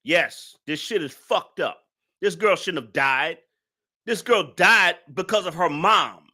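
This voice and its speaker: A man's voice: high-pitched, slow pace, sharp tone. A man hosting a reaction commentary, ranting angrily and repeating himself with heavy profanity. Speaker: commentary channel host.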